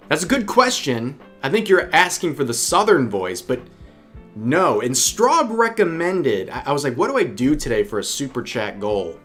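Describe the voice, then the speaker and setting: Young guy streaming, just chatting and reading super chats out loud, repeats himself a lot, mid pitch, soft music behind. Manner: chatty, repeats phrases, reads donor messages aloud. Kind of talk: casual livestream chat.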